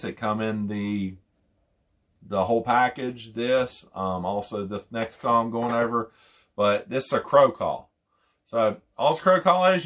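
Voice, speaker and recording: This hunting call instructor is a young man with a fairly low, slightly bright voice. He talks casually about hunting calls and demonstrates them, rambling, repeating himself and doing owl hoot imitations.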